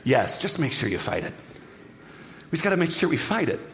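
A man preaching a sermon in an animated, joking way, talking straight to the congregation. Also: a little high, brisk, gravelly, slight background noise. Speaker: pastor.

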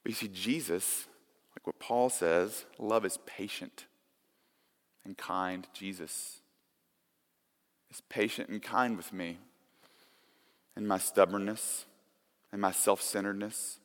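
A man preaching a sermon, earnest, his volume swinging from hushed to loud. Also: lowish voice, steady tone, takes it slowly, long pauses. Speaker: pastor. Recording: long reverb of a large hall.

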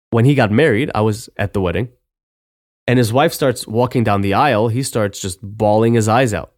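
In a dry, studio-quality recording, a podcast host with a lowish, slightly mellow voice gives an earnest solo advice talk. He lectures and often finishes his points with "right?"

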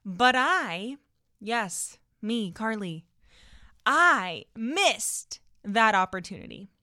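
A young woman with a Californian Valley girl accent hosts her own podcast, telling a story in a bubbly, dramatic way and laughing often. Her voice sits a little high and sounds smooth and clear. The recording is dry and close, with no room around it. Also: big pitch swings, extremely slow, pushed and bright, no room sound. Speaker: podcast host. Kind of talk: casual solo podcast storytelling.

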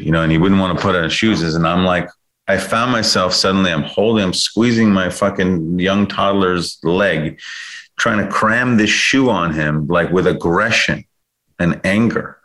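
A man's voice: sits low, moderate pace, fairly bright tone. A man in his thirties, a guest telling a personal story candidly, swearing freely and correcting himself as he goes. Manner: frank, swears freely, rambling self-corrections.

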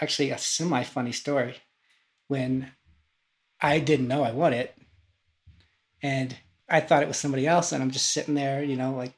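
A man, the award-winning guest, answering an interview question in a halting, self-amused way. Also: medium pitch.

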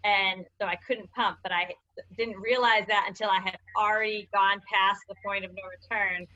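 Bright woman with dull lo-fi sound. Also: medium pitch, fairly even intonation, moderate pace. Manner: hesitant, many fillers and restarts. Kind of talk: casual chat.

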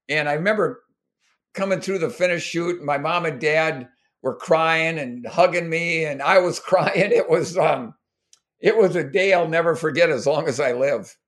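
A man's voice: a little high, fairly bright tone. A middle-aged man from Minnesota, telling race stories in an interview, rambling with many restarts and getting emotional. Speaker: guest, former marathon runner. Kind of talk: storytelling interview.

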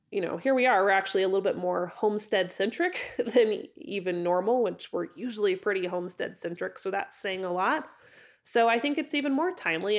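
Female podcast host, mid pitch, hoarse and gravelly from a cold, chatty and rambling solo talk. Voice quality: raspy, froggy. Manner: chatty, rambling, self-correcting with laughs.

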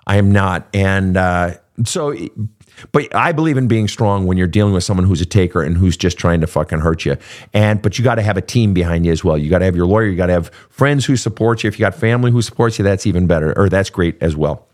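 A middle-aged man hosting a casual advice talk, blunt and profane. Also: lowish voice. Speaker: podcast host, coach.

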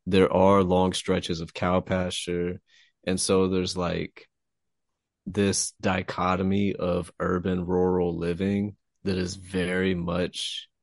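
A man's voice: low voice, gravelly, no room sound, clean studio sound. A man from Texas, a writer talking loosely and profanely as a guest in a casual interview. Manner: loose and profane, laughing easily.

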